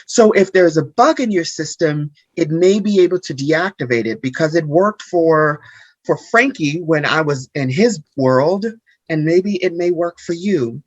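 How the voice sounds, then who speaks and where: Earnest, pleading role-play player, middle pitch, dry close sound, tabletop game. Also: animated, a little slow, slightly rough, no room sound, muffled recording.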